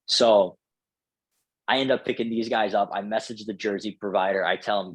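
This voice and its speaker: Low-voiced man telling a story. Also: normal speed, husky, no echo, low-quality recording. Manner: profane, animated, lots of filler words. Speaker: podcast guest. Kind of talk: casual storytelling.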